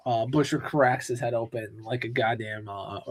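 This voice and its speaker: A man co-hosts a casual pop-culture podcast, ranting and swearing a lot. His voice sits at medium pitch and moves at a moderate pace, with no echo in the recording.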